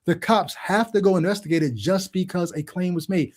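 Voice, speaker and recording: Animated man hosting a call-in stream. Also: high voice, a little fast. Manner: animated storytelling, acts out quoted voices; talks to the chat directly. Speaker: call-in show host. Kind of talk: livestream monologue.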